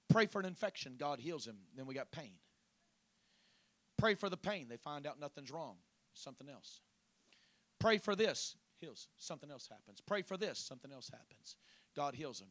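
A pastor preaching a testimony, moving from chatty storytelling to loud, fervent prayer. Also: male voice, on the high side, no echo. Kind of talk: sermon testimony.

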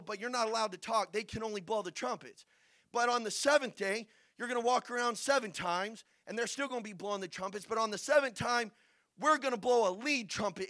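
A young man preaching a sermon, telling Bible stories with acted-out voices and building to shouts. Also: very high voice, no room sound. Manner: storytelling, acting out Bible figures, builds to shouting.

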